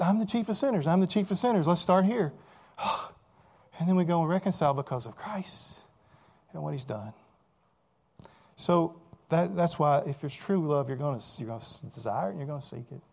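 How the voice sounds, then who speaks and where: Male pastor, fairly high voice, plain conversational preaching that keeps checking in with the congregation. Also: a little mellow. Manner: conversational preaching with rhetorical questions and repeated words. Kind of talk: sermon.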